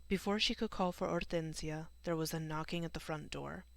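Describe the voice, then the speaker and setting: Gravelly woman reading an audiobook. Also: sits low, fairly even intonation, brisk, dry recording. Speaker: audiobook narrator. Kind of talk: scripted narration.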